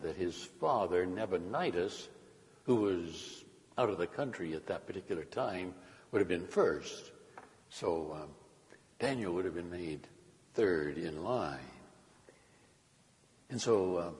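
A man's voice: sits low, darkish tone, in a large hall. A man preaching, reading a scripture passage aloud with dramatic, rising emphasis on key words.

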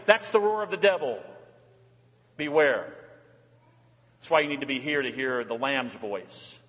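A man's voice: medium pitch, lively intonation, unhurried, long pauses, fairly bright tone. An older man, a pastor preaching a sermon in a church, with earnest emphasis that rises and falls. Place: church sanctuary. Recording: long hall reverb.

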